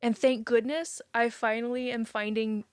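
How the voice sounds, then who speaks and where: A young woman streaming live, chatting casually with viewers and reading their messages, emotional and quick to say she will cry. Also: fairly high pitch, little pitch movement, clean tone, no room sound, clean studio sound.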